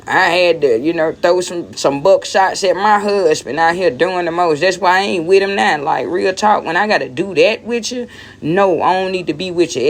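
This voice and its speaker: Gravelly-voiced woman ranting on a livestream. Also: on the low side, a little hiss or hum. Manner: blunt, rambling, repeats herself. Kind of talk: casual livestream rant.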